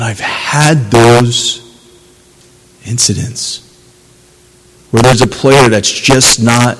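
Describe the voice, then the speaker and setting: A man's voice: medium pitch, fairly bright tone, in a large hall, slight background noise, rough recording. A man preaching a sermon, earnest and conversational, building to emphatic passages. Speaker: pastor.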